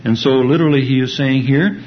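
A man's voice: medium pitch, brisk. A man teaching a verse-by-verse Bible study lecture, explaining carefully and stressing key words. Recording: dull lo-fi recording with faint hum.

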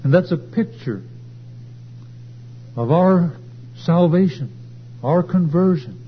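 A man preaching a sermon at a church service, swelling louder and higher as he drives his points home. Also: animated, slow. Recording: dull lo-fi recording with faint hum.

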